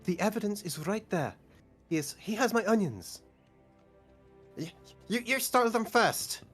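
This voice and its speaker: A man's voice: animated, unhurried, breathy edge, faint music behind, exaggerated voice. A man voicing an indignant gnome who keeps a market stall and talks in a huffy, accusing way. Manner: huffy, accusing, high and loud.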